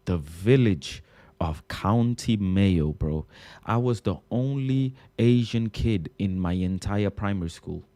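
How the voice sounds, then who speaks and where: A man's voice: on the low side, slow pace. A young man from Bangladesh with a British accent, doing a slangy comic monologue with bursts of laughter. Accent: British English. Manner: animated, slangy, keeps saying bro, bursts of laughter. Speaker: comedian.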